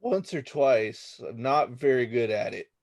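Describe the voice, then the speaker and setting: A man's voice: medium pitch, expressive, a little slow, vocal fry. A man playing in a tabletop game, laughing and joking along. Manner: laughing, playful. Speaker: player. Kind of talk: casual tabletop play.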